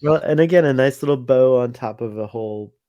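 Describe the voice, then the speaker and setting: A man's voice: mid-range voice, a little fast, mellow, dry recording, muffled recording. A man co-hosting a casual podcast chat, enthusiastic, laughing a lot and using many fillers. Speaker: podcast co-host.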